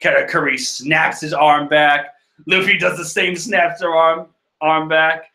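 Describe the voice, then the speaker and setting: A man reading through a manga chapter in casual, rambling commentary, excitable and profane, laughing and trailing off as he goes. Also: a little high, a little slow. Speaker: manga chapter reader and reactor.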